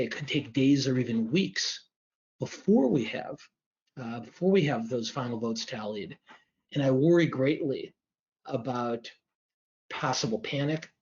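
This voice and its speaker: Analytical man on a lo-fi livestream. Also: mid-range voice. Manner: measured and analytical, with hedges and repeated restarts. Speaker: politics professor answering audience questions. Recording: dull lo-fi stream audio.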